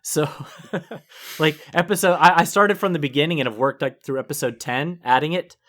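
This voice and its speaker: A man's voice: a little high, moderate pace, fairly bright tone. A man co-hosting a book podcast, from the northern United States, chatting casually and laughing often. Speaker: podcast co-host.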